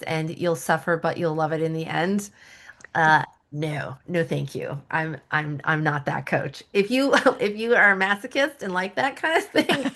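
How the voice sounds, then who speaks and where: A woman's voice: on the low side, fairly bright tone. Candid, chatty middle-aged woman coach. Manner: laughs often, chatty and self-deprecating. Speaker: guest, lifestyle coach. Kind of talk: candid personal storytelling.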